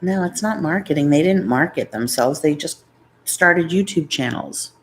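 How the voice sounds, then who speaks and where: Low-voiced chatty New woman. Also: animated, moderate pace, low-quality recording. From New York. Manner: rambling, chatty, jumps between topics. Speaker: YouTuber hosting a live chat. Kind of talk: casual live-stream chat.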